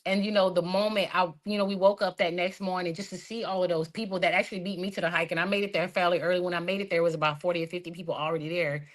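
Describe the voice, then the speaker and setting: A woman in her thirties, a Marine veteran, telling her personal story in a lively, expressive way with frequent laughs. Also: on the low side, rapid-fire, few pauses, poor audio. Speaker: podcast guest, Marine veteran. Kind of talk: casual storytelling.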